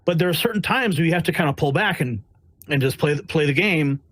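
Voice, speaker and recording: A man's voice: a little high, expressive, fast, fairly bright tone, dry recording, low-quality recording. A man speaking as a White House press correspondent, telling his stories bluntly and emphatically, acting out the voices of the people in them. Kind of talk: animated interview storytelling.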